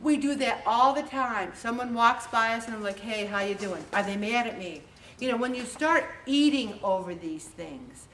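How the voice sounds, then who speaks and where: A woman leading a group meeting, telling stories in a chatty, animated way. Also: medium pitch, slight background noise. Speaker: group leader giving a talk. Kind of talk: motivational talk to a group. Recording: echoey room, voice from a distance.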